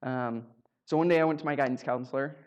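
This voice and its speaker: A man's voice: medium pitch, steady tone, fast, a little mellow, dull audio. A man telling a personal story on stage at a live show, in a humorous, self-mocking way, acting out bits of dialogue.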